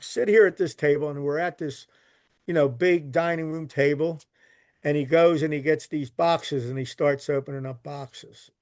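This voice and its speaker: A man's voice: on the high side, darkish tone, no echo, studio quality. A man, a podcast guest telling a long story in a rambling way, repeating words and swearing casually. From Philadelphia. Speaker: podcast guest, recovery literature collector.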